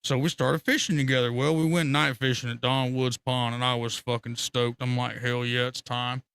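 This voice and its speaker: A man's voice: medium pitch, normal speed, vocal fry, smooth. A man telling rambling, profane fishing stories on a casual live stream. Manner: rambling, profane, animated storytelling with laughter.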